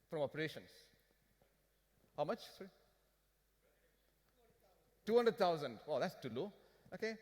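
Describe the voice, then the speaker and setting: A man giving an animated, joking finance seminar talk to a conference audience, firing questions at the crowd. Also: medium pitch. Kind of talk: lively business seminar talk. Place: conference hall. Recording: hall reverb from a conference room.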